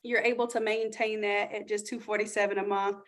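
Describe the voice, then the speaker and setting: A woman hosting a live online class, chatting and pitching course offers to her viewers in an upbeat, casual way. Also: level tone, fairly quick. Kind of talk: live-stream sales pitch.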